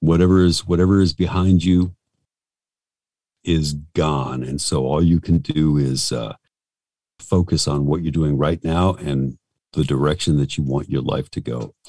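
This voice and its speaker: Very deep-voiced man, rambling. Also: steady tone, unhurried, dark tone, dry recording, clean studio sound. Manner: rambling, self-deprecating, frank. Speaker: voice actor. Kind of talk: casual interview talk.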